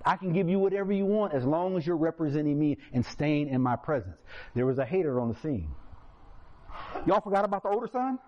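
A man preaching a sermon, telling a story and acting out its characters in a raised voice. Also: a little fast. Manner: animated, acts out characters in higher voice. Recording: dull lo-fi sound.

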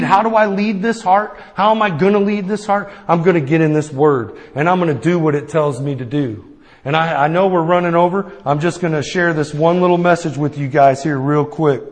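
A man's voice: a little high, big-room sound. A man preaching a sermon, plain-spoken and personal, often calling out for an amen. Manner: call-and-response asking amen.

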